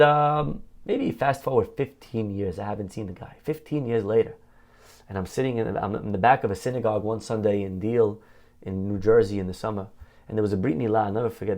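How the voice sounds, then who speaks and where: A man's voice: lowish voice, gravelly, darkish tone. A man speaking as a rabbi, telling a heartfelt story in a conversational sermon, with many "you know" fillers.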